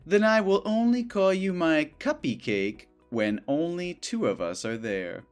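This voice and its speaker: A sugary, wheedling coworker who will not take no for an answer, played by a man. He drawls slowly, his voice rising and falling with lively swings, while soft music plays underneath. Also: on the high side, clean tone. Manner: sugary, wheedling, overly familiar. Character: clingy possessive male coworker, young adult. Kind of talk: scripted dialogue drama.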